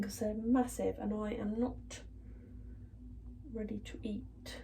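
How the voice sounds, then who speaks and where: A woman's voice: medium pitch, level tone, takes it slowly, creaky, pauses often, warm tone, a little hiss or hum. A woman chatting casually to camera in her home kitchen, self-deprecating and giggly. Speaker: vlogger.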